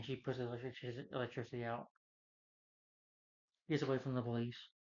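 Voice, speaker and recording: A man rambles through a casual movie recap, stacking fillers and restarting his sentences as he goes. His voice sits at an ordinary middle pitch. The recording sounds dull and lo-fi. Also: little pitch movement, moderate pace, long pauses, darkish tone. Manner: rambling, filler-heavy retelling with many restarts. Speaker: film reviewer.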